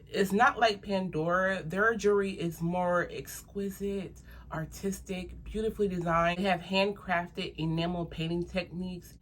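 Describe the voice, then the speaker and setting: A young woman vlogger reviewing jewelry in a casual unboxing, gushing and excitable, talking straight to her viewers. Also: lowish voice. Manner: gushing, excitable, addresses viewers as "you guys".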